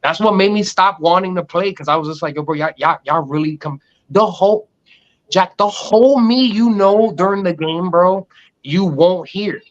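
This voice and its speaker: A man whose voice sits high speaks at a moderate pace while co-hosting a casual podcast. He's an animated storyteller who performs other people's lines, and the recording sounds dull and lo-fi.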